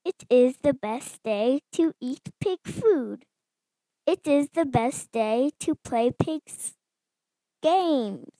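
A woman voicing an excitable, cheerful female pig from a picture book in a slow, eager, sing-song reading. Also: high voice, dry recording, heavily acted. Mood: excited.

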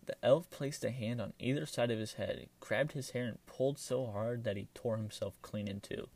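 A man reading a fairy tale aloud in a calm, measured storytelling manner. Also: medium pitch. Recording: voice from a distance.

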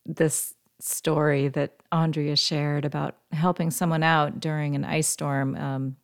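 A low-pitched woman with a gravelly voice hosting a podcast. She muses reflectively, working through her ideas as she goes, and the recording is dry and close. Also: level tone, unhurried, no room sound. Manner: reflective, thinks aloud. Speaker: podcast host. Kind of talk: casual conversation.

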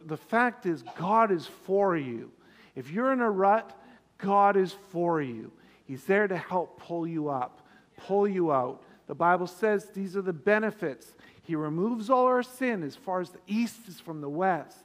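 High-voiced preacher in a reverberant hall. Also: male voice. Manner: earnest, storytelling preacher who repeats and restarts phrases. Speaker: pastor. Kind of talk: sermon. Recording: reverberant hall with music underneath.

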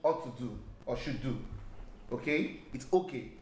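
Animated man arguing in an echoey room. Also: mid-range voice, moderate pace. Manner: animated, argumentative, jumps in loudly. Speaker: podcast guest. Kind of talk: casual debate chat.

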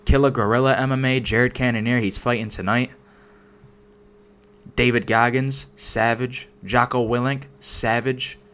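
A man's voice: mid-range voice, little pitch movement, measured pace, fairly bright tone, clean tone. A young man ranting casually into a microphone, rambling with lots of filler words and constant swearing. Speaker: solo vlogger. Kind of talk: casual unscripted rant. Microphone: desk microphone.

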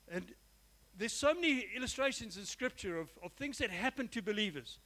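High-voiced preacher, earnest. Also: male voice, animated, moderate pace, a bit bright, poor audio. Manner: earnest, emphatic preaching with repeated phrases and direct address. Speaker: pastor. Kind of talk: sermon. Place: church.

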